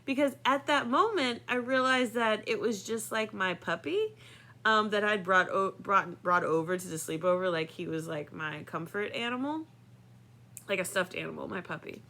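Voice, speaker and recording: A woman in her thirties tells a story from her own life, casual and rambling. She leans on fillers and keeps breaking into laughter. Her voice sits at an ordinary middle pitch. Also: moderate pace, bright, forceful tone. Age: 30s. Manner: chatty, filler-heavy, laughing often. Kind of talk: personal storytelling.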